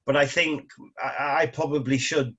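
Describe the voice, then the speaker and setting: Middle-aged man, bright forceful voice, hesitant and stumbling over his first words, speaking casually on a video call. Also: a little high, steady tone, normal speed, muffled recording. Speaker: coaching client. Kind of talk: casual conversation.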